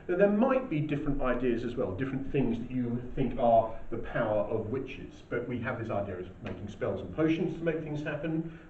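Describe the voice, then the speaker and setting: A man's voice: medium pitch, darkish tone. English male teacher, distant roomy sound. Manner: explanatory, frequent "okay?" checks. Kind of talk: classroom lesson. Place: classroom. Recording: distant, dull, roomy with faint hiss.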